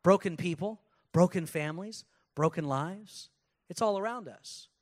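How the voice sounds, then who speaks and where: Pastor, male, high voice, energetic sermon with casual asides. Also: a little slow.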